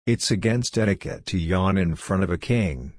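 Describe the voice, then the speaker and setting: A man's voice: low-pitched, normal speed, a little mellow, dry recording, close to an everyday voice. A man reading the part of a proud old king who gives orders, in a stately, commanding way. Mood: stern.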